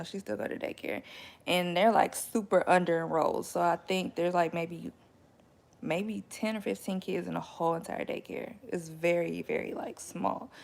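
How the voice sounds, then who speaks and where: Chatty young mom with gravelly fry. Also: female voice. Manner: chatty, animated, laughing, swings into high excited quotes. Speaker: vlogger and mother. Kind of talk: casual storytelling to viewers.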